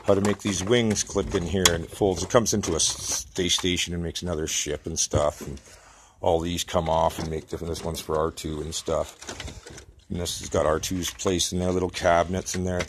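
A man's voice: low voice, flat delivery, brisk, background noise. A man from Canada ranting in a rambling vlog from his workshop, swearing constantly and agitated as he shows off his model builds. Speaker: self-employed model builder.

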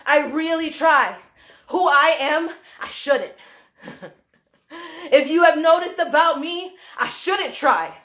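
A woman with a high voice rants on a live stream from a room indoors. She is animated and laughs often, and she swears while she repeats her points for emphasis. Her phone mic picks up a roomy echo. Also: takes it slowly, long pauses. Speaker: livestream host, dance choreographer. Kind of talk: heated livestream rant. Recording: echoey room.

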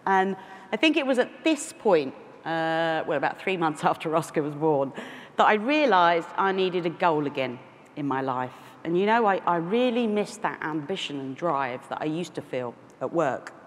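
A woman's voice: low-pitched, lively intonation, normal speed. A woman in her forties from London, with a London accent, giving a conference keynote full of self-deprecating asides and restarts. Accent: London English. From London, England. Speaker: keynote speaker. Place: large conference hall. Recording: echoey hall with faint noise.

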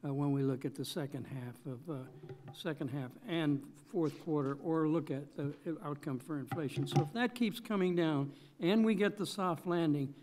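A man's voice: on the high side, darkish tone. A middle-aged man giving expert economic testimony at a public hearing, talking with many fillers and self-corrections.

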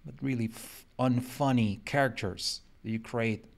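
A man's voice: medium pitch, a little slow, vocal fry. A man for whom English is a second language, chatting in a rambling, joking way during a live drawing stream. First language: not English. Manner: rambling, self-mocking, joking. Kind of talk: casual live-stream chat while drawing.

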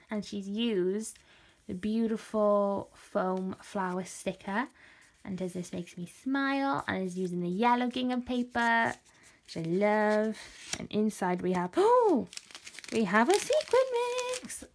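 A woman's voice: medium pitch, unhurried, gravelly. A woman chatting casually as she unboxes craft mail, gasping and gushing with delight. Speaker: craft vlogger.

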